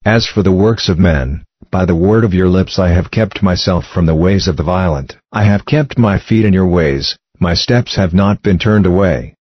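A man reading psalms aloud in a measured, steady recitation. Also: low-pitched, dry recording. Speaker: scripture reader. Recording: dull lo-fi recording.

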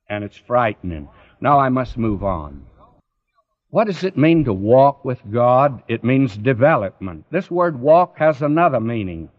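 A man's voice: fairly high pitch, lo-fi sound. A man preaching a Bible sermon, earnestly addressing the listener directly.

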